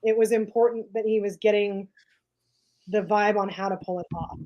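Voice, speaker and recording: Woman cohost chatting on a podcast, lots of "like" and "right?", just thinking out loud. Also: medium pitch, fairly even intonation, normal speed, highs cut off. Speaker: podcast co-host. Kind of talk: casual discussion.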